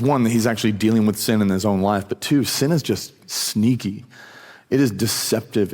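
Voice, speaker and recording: A pastor preaching a sermon in a casual, animated storytelling way, acting out quotes. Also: male voice, fairly low pitch, in a large hall. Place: church auditorium.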